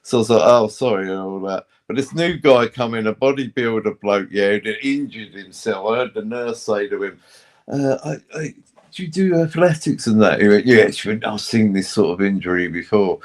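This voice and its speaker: A man's voice: on the low side, moderate pace. A man chatting casually on a live stream, telling rambling stories, swearing and acting out other people's voices. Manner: rambling storyteller, swears, acts out quoted voices. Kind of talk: casual chat.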